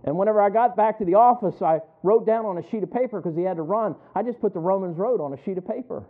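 A man's voice: high-pitched, fast. A man preaching a sermon, telling personal stories and chuckling between lines as he acts out both sides of a conversation. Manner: animated storytelling, acting out both sides of a conversation. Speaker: pastor. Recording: tinny phone-like sound.

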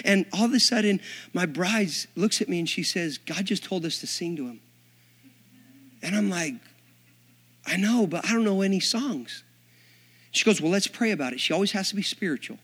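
A man preaching, a minister telling a story with acted-out dialogue and big swings from hushed asides to shouting. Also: high-pitched, lively intonation, normal speed, pauses often. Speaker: Assembly of God minister. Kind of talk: storytelling sermon.

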